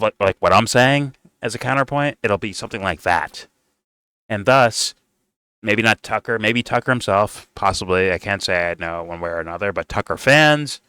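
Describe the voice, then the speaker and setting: A man's voice: fairly low pitch, smooth, no echo. A man co-hosting a podcast, giving casual reaction commentary in a profane, rambling rant full of restarts. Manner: profane, rambling, animated ranting with frequent restarts. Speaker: podcast co-host reacting to an interview.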